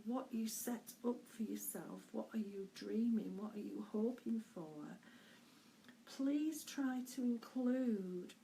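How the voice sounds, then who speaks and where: A middle-aged woman acting as a spiritual medium delivers a casual, unscripted weekly spiritual message in a fairly high voice, slowly taking her time over each phrase. She sounds gentle and searching, with soft laughs and small hesitations, over a faint hiss in a low-quality recording.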